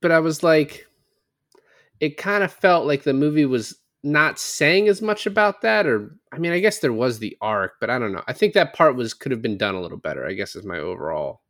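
A man co-hosting a casual movie review podcast, animated and profane, slipping into mocking voices of characters. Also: mid-range voice, a little fast, no room sound, studio quality. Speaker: podcast co-host.

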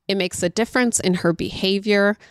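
A mother who homeschools, telling a story in a chatty, animated way and talking straight to her listeners. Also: mid-range voice, fairly quick, clean tone, no echo, studio quality. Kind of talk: casual storytelling monologue.

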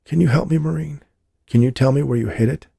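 A man's voice: a little high, fairly quick, creaky, warm tone, slightly rough, no room sound, clean studio sound, voice pushed up, exaggerated voice. A male narrator playing a grieving bank robber who speaks in an earnest, pleading way.

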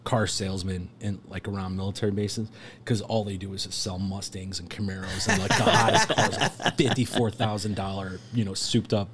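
This man's voice is low-pitched and fairly bright, with a steady tone and a fairly quick pace. As a podcast guest, he tells a long, casual story, rambling through filler words and laughing now and then.

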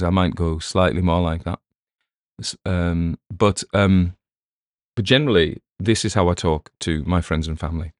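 A man's voice: low-pitched, fairly even intonation, moderate pace, dry recording, clean studio sound. An Englishman hosting a podcast, chatting casually in a rambling way, with many restarts and asides. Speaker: podcast host. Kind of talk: casual spoken afterword.

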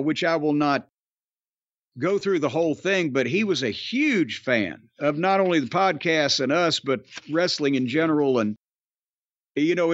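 Middle-aged male podcast host with a higher voice, grumbling and cursing his way through chat, recorded muffled and dry. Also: no echo. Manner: blustery, profane, grumbling rants.

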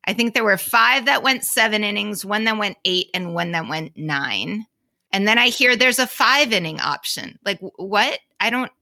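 A woman's voice: a little high, creaky, pushed and bright, dry recording, studio quality. A woman co-hosting a casual sports podcast, blunt and swearing freely, laughing often. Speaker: podcast co-host. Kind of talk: casual chat.

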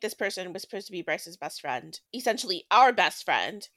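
A woman's voice: fairly low pitch, sing-song, normal speed, fairly bright tone, dry recording. Dry-sounding woman chatting about books. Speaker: podcast co-host. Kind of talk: casual book discussion.

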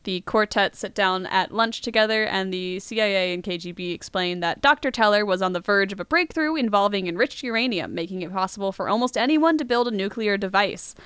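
Smooth-voiced woman recapping a film. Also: mid-range voice, a little fast, few pauses, a bit bright, no echo. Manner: chatty retelling with frequent laughs. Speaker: podcast host. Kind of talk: casual movie recap.

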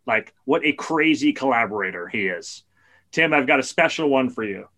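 A man on a podcast, telling a long story in a casual, animated way. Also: mid-range voice, normal speed. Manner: animated storyteller, gets excited and loud at punchlines. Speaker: podcast co-host. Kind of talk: casual chat.

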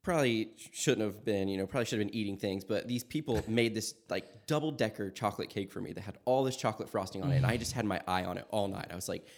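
A young man in his twenties, co-hosting a podcast, telling a quick story in a chatty, conspiratorial way. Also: on the low side. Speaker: podcast co-host. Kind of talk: casual storytelling chat.

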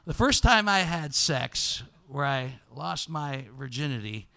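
A man hosting a podcast, telling a comic story in a loud, animated way that breaks into shouts. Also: on the high side, unhurried, vocal fry. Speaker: podcast host.

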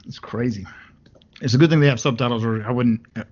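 A man's voice: medium pitch, quick pace, darkish tone. A man from West Texas, rambling and joking as a podcast host in casual chat. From West Texas, USA. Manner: rambling, jokey storyteller. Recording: dull lo-fi sound.

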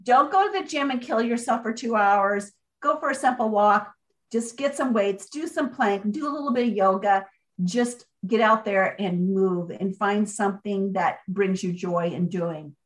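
A woman author being interviewed, speaking in an energetic, motivational way and driving her points home with repetition. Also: medium pitch, normal speed, low-quality recording. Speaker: author guest. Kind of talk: conversational interview.

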